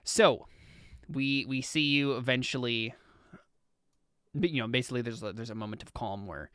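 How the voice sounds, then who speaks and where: A man's voice: medium pitch, a bit bright, clean tone, no echo, clean studio sound. A man running a tabletop game as game master, talking casually with many restarts. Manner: casual, halting with restarts and fillers.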